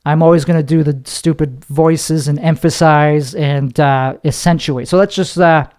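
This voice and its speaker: Young guy comedian rambling on his podcast, swears a lot, smooth voice, a bit high. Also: steady tone, normal speed, darkish tone. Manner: rambling, self-mocking, profane, slips into put-on voices. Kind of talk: confessional monologue.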